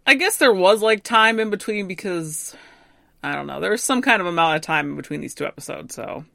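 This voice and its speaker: A woman's voice: on the low side, lively intonation, a little fast, gravelly, sharp tone, no echo, studio quality. A woman co-hosting a podcast, casually retelling a story with frequent laughs. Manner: chatty storytelling, laughs often. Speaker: podcast co-host. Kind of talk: casual chat.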